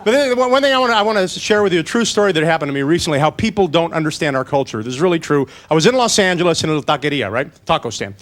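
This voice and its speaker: A man performing a stand-up comedy routine, joking in a quick storytelling way and briefly putting on voices for the people in his stories. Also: a little high, animated.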